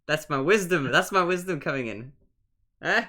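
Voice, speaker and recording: Low-voiced woman player. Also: animated, normal speed, bright, forceful tone. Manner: playful, joking. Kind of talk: casual tabletop play.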